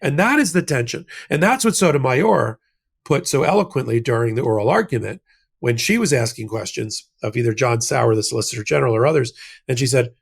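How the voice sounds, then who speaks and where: A man's voice: mid-range voice, creaky, slightly rough. Man, American, legal co-host, explanatory, emphatic, casual. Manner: explanatory, emphatic, uses rhetorical asides. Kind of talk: casual analytical discussion.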